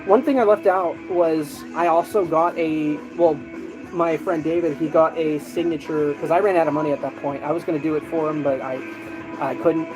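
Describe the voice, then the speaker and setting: A man streaming, chatting casually and telling animated stories with lots of fillers and restarts. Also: on the high side, moderate pace, poor audio. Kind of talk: casual chat. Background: music.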